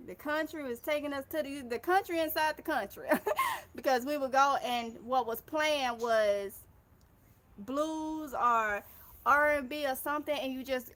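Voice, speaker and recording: Bright high-voiced Mississippi woman. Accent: Mississippi Southern US. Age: 30s. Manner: chatty and effusive, addresses viewers as y'all. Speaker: gardening livestream host. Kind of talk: casual livestream chat, reading viewer comments aloud.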